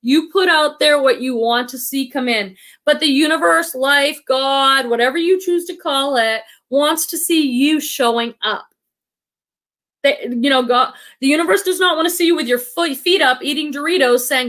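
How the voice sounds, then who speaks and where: Brief: bright high-pitched woman, middle-aged, chatty livestream host who laughs easily and rambles with fillers. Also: normal speed. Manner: chatty, warm-hearted, laughs often, many fillers. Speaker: livestream host of a reselling channel. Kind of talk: casual live-stream chat reading comments.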